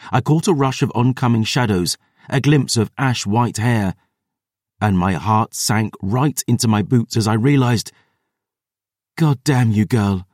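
A man's voice: lowish voice, a little mellow, dry recording, clean studio sound. A man giving an intense, grave first-person audiobook narration. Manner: grave, intense dramatic reading.

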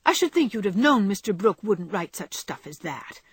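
Headstrong teenage girl as a woman reads her, loud, indignant, husky, dry close sound. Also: mid-range voice, sing-song, normal speed, no echo. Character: impetuous tomboyish teenage girl, fiery.

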